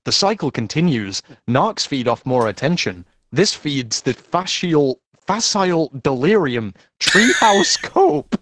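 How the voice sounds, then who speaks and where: A man's voice: mid-range voice, big pitch swings, measured pace, few pauses, a little hiss or hum. A man co-hosting a podcast, reading a statement aloud in a mocking tone and often breaking into laughter.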